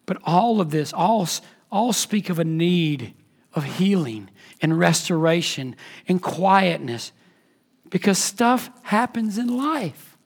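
A man preaching a sermon as pastor, impassioned, swinging between loud emphatic peaks and soft hushed lines. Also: sits high, animated, slow pace.

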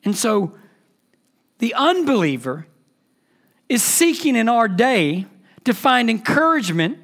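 A male preacher with a notably high voice delivers a sermon. He is emphatic, circles back to his key phrases and throws rhetorical questions at his listeners. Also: sing-song, a little slow, pauses often, fairly bright tone.

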